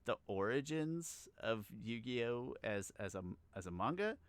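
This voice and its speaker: A man's voice: mid-range voice, animated, a little slow, clear, resonant tone, no echo. A man co-hosting a podcast in a loose, rambling way, often restarting and correcting himself. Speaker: podcast co-host. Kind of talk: casual chat.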